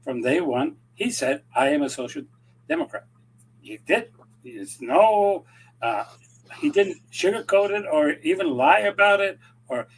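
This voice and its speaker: A husky man talks politics in a loose, rambling way. He acts out the conversations he quotes and keeps jumping his voice up and down. His tone stays chatty and unscripted. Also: fairly high pitch, poor audio. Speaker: regular commentator. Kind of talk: casual political chat.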